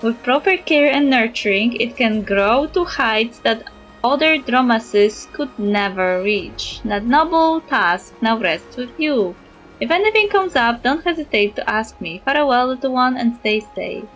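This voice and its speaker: A woman reading a gentle male professor. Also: a little high, lively intonation, unhurried, faint music behind, poor audio. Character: gentle, earnest male scholar, middle-aged.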